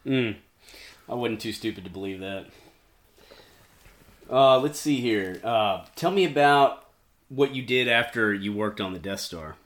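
Laid-back lower-voiced male host. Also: a little slow, long pauses. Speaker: podcast host. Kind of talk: casual interview chat.

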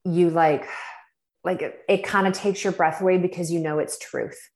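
A woman with a low voice tells a personal story in a relaxed, chatty way. She leans on fillers and acts out her own reactions as she goes. The sound carries some room echo. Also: normal speed. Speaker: podcast guest. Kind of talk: casual storytelling chat.

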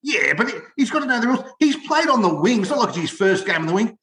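An older Australian man chatting casually about rugby league, telling stories in an animated way and repeating words as he goes. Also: high-pitched, fast talker, echoey room. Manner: animated storytelling, repeats words when excited. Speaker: podcast co-host, former rugby league player. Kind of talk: casual sports chat.

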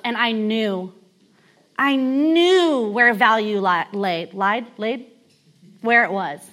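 A woman's voice: fairly high pitch, lively intonation, takes it slowly, a bit bright, a little hiss or hum. A woman in her thirties from California giving a candid, conversational sermon told as a personal story, with many casual fillers. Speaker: speaker.

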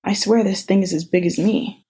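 A woman's voice: mid-range voice, fairly even intonation, normal speed, slightly rough. A woman reading a tender doting boyfriend. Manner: tender, soft-spoken. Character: gentle doting boyfriend, soldier.

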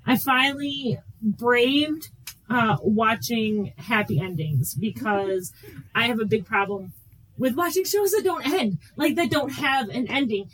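Brief: woman co-host, fairly high voice, excitable and rambling, quick to laugh, faint hiss behind. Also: low-quality recording. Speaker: podcast co-host. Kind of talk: casual chat.

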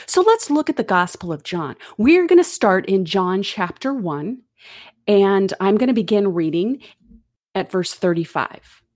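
A woman's voice: medium pitch, big pitch swings, measured pace, a little mellow, dry recording, studio quality. A middle-aged woman giving a conversational, earnest Bible teaching with casual asides.

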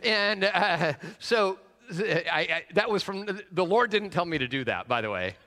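A man's voice: high voice, expressive, a little slow, sharp tone. A man preaching a conversational sermon and telling a personal story, with frequent "uh" fillers and questions put to the congregation. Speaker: pastor. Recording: long reverb of a large hall.

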